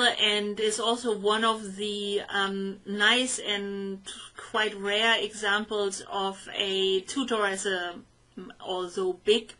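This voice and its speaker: A woman hosting a conversational interview, speaking in a measured way and pausing often to search for words. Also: mid-range voice, bright, forceful tone, rough recording. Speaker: host.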